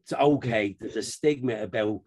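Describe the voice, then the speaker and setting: A man's voice: fairly low pitch, normal speed, darkish tone, slightly rough. A man co-hosting a podcast, chatting casually and telling stories with frequent laughs. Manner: chatty storyteller who laughs often. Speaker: podcast co-host. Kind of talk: casual chat.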